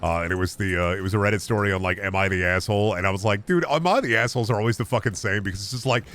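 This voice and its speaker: Talking rapid-fire in a lowish, fairly bright voice, this young man chats on his gaming livestream. He's jokey, rambling and heavily profane.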